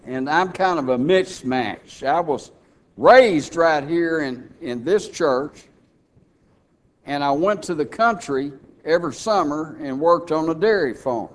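A man's voice: a little high, expressive, slow. A man preaching a sermon with a Texan accent, folksy and humorous between passages of scripture. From Texas.

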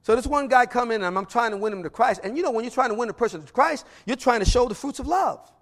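Male preacher, middle-aged, high-pitched voice, slow scripture reading mixed with animated storytelling. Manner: reads scripture slowly, then tells stories in a lively way. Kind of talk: sermon.

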